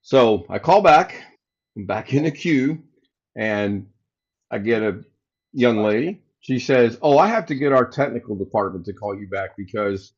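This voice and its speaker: A man's voice: lowish voice, expressive, a little slow. A man hosting a casual livestream from home, telling a story and acting out both sides of a phone call. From United States. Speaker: livestream host. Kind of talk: casual storytelling to live chat. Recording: slightly dull lo-fi sound.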